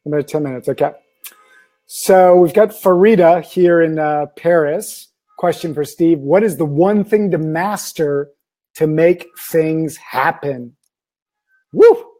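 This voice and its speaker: A man's voice: a little high, measured pace, mellow. Upbeat male interview host. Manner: encouraging, short agreeing remarks. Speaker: podcast host. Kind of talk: casual interview hosting.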